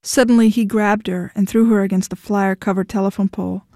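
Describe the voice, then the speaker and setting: A woman narrating fiction aloud in a measured, even way. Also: mid-range voice, no echo, clean studio sound.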